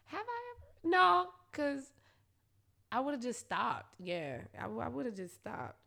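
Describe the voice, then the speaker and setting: A young woman hosting a podcast, telling a candid, profane story in a casual monologue with quick asides to her listeners. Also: a little high, huge pitch swings, vocal fry, sharp tone. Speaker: podcast host.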